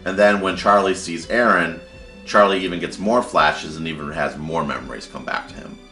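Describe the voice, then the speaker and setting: Low, bright-toned man retelling a story. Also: normal speed, reverberant, soft background music. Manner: casual, uses fillers like "like" and "kinda". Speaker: fan storyteller. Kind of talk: casual plot retelling.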